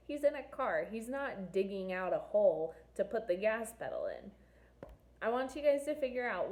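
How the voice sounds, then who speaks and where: A woman's voice: mid-range voice, darkish tone. A woman teacher reading a novel aloud to her class, stopping to quiz students and explain figures of speech in a chatty way. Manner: chatty, asks students questions, pauses to explain figurative language.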